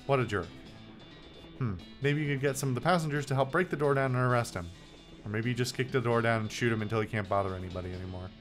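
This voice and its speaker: A man's voice: medium pitch, quick pace, faint music behind. A man hosting a video game playthrough, reading the game text aloud with playful commentary in a wry, joking, rambling way. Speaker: let's play host.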